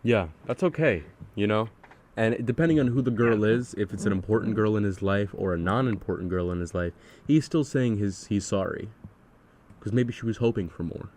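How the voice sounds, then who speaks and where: A man's voice: on the low side, moderate pace, a little mellow, slight background noise. A man hosting a podcast, chatting casually about music in an earnest way and asking leading questions. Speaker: podcast host.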